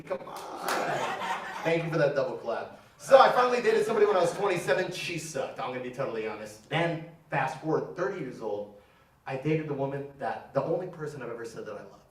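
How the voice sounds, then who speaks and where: A man's voice: on the high side, expressive, fairly quick. A man in his thirties doing a brash, profane stand-up set and teasing the crowd, recorded on a comedy theater stage. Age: 30s. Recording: echoey room, mic from a distance.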